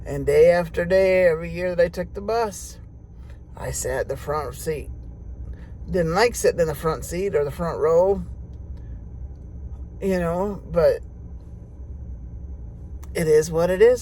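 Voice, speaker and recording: A woman's voice: lowish voice, unhurried, long pauses, mellow, a little hiss or hum. An older woman telling a personal story in a folksy, chatty way, speaking directly to her viewers from inside a car.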